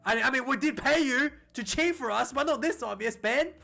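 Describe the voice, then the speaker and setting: A man's voice: very high-pitched, fairly quick, vocal fry, sharp tone, pitched above the performer's own voice, full character voice. A man voicing an exasperated male rugby fan with a put-on New Zealand accent, whiny and exaggerated.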